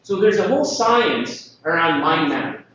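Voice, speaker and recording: A man from the Philippines giving a lively conference presentation, joking and asking the audience questions. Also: fairly high pitch, normal speed. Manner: jokey, asks the audience questions. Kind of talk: live presentation talk. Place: conference hall. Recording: distant mic, echoey hall, dull sound.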